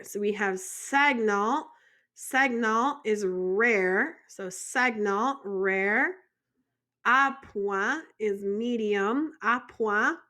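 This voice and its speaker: Slow, bright-voiced woman teaching vocabulary. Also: fairly high pitch. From United States. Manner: chatty, explains with jokes and questions to the viewer. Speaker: French teacher. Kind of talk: vocabulary lesson.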